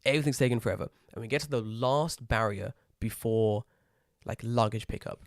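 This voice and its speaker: A young British man co-hosting a podcast, telling an animated, swear-heavy story in casual chat. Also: mid-range voice, a little fast, dry recording, studio quality. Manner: rising to loud exasperated outbursts. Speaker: podcast co-host.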